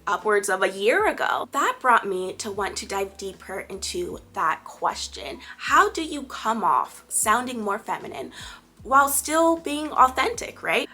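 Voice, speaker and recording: A woman's voice: fairly high pitch, sharp tone. A woman giving friendly, chatty advice in a casual vlog, often checking in with "right?". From Caribbean family background. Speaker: lifestyle vlogger.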